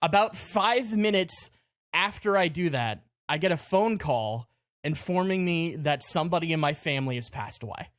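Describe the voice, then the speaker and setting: High-voiced man telling a funny story. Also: moderate pace, dry recording, studio quality. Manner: animated, laughs through his own stories. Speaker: podcast co-host. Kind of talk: casual storytelling chat. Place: podcast studio.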